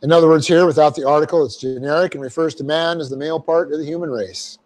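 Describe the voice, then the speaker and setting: A man's voice: fairly high pitch, fairly even intonation, quick pace, darkish tone. A man teaching a verse-by-verse Bible class, explaining Greek grammar step by step with folksy asides. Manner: folksy asides, repeats phrases for emphasis.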